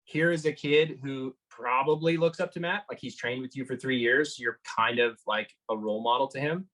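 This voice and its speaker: A man giving an interview, retelling a tense encounter in an animated way, with lots of fillers and restarts. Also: medium pitch, normal speed, low-quality recording. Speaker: motorcycle engine builder guest. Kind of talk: storytelling interview.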